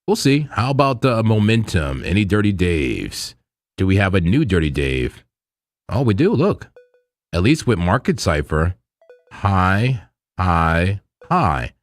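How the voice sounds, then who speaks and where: A man with a fairly low voice hosts a live trading stream, talking to chat in loose slang and repeating phrases as he goes. His pitch jumps around animatedly. He sits close to a dry, deadened mic. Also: very animated, moderate pace, no room sound. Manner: loose, slangy, repeats himself, laughs often. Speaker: crypto trading livestream host.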